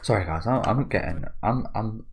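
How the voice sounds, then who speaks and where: Low, gravelly man rambling casually. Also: lively intonation, normal speed. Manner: rambling and chatty, often losing his train of thought. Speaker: anime trailer reactor. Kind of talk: casual reaction commentary.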